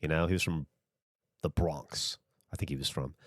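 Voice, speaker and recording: A man's voice: extremely low pitch, fairly even intonation, normal speed, dry recording, clean studio sound. A man from the American South with no regional accent left, hosting a livestream and chatting casually, rambling and swearing freely as he answers viewer comments. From Southern United States. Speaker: livestream host.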